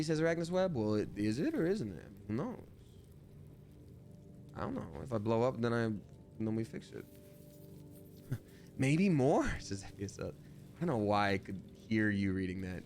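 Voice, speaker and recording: A man's voice: mid-range voice, sing-song, normal speed, long pauses, soft background music. A man in his thirties chatting casually while playing a video game live, reading chat aloud and slipping into playful voices.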